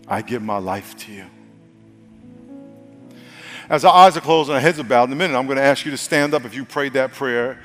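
A male pastor delivering a sermon and altar call in an easy, conversational manner, often restarting and repeating words. His voice rings in a church hall with long reverb. Quiet music plays underneath. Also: fairly high pitch. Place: church sanctuary.

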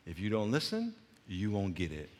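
A man voicing a stern female speech coach, who speaks slowly, softly and deliberately. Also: lowish voice, wildly swooping pitch, pitched below the performer's own voice. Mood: firm, hushed. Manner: slow, hushed, deliberate. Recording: long reverb of a large hall.

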